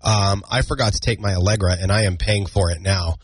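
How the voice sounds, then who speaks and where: A man's voice: low voice, brisk, slightly rough, dry recording. A man hosting a morning radio show, chatting casually and telling self-deprecating family stories, a bit congested from allergies. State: congested from allergies, clearing throat. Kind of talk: casual on-air banter. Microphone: studio broadcast mic.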